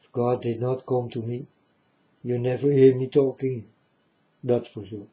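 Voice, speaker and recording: A man's voice: mid-range voice, steady tone, a little slow, mellow, highs cut off. A man giving a preachy monologue in broken, non-native English, emphatic and repetitive, often asking if the listener understands. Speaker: speaker addressing viewers.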